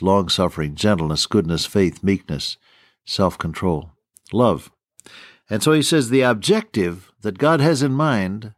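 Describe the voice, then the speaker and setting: A man's voice: fairly low pitch, no room sound, studio quality. An older man teaching the Bible on the radio in a folksy, storytelling way, often chuckling.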